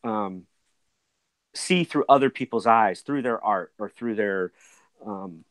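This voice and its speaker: A man's voice: lowish voice, slow pace, fairly bright tone, no echo. A man in his forties, a podcast guest, talking in a rambling way with many restarts and fillers. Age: 40s. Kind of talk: casual conversational interview.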